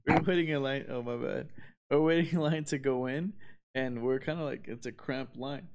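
A man's voice: mid-range voice, moderate pace, darkish tone. A man casually telling a story among friends, laid-back and swearing freely, laughing often. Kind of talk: casual chat.

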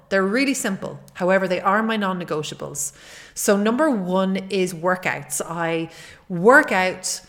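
A middle-aged woman hosting a solo podcast as a fitness coach, talking in an earnest, encouraging way and often repeating her key points. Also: medium pitch.

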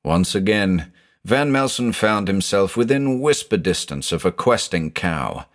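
A male narrator with a very deep voice tells a scripted audio mystery, sweeping his pitch up and down with real drama. His delivery is expressive and suspenseful. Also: a little slow.

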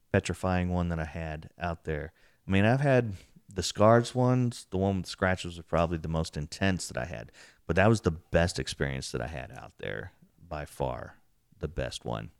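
A man casually telling an excited story about a paranormal investigation, acting out what was said. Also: a little slow, smooth, dry recording, clean studio sound. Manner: excitable, acts out quotes, rising pitch when telling.

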